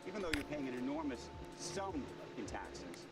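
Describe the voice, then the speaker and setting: A man interviewing a guest, asking a pointed question briskly. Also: mid-range voice, big pitch swings. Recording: distant mic over loud music.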